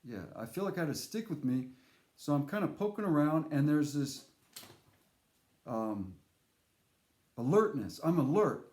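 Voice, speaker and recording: Animated man telling a story, echoey room. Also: on the high side, a little slow, long pauses. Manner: animated, rambling with fillers and restarts. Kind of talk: casual spoken anecdote.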